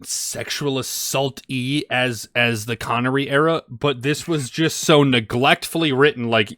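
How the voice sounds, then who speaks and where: Exasperated man with a bright voice. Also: medium pitch, a little slow, hardly any pauses. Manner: exasperated, ranting, sighs and stammers. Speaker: podcast co-host. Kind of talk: casual podcast review chat.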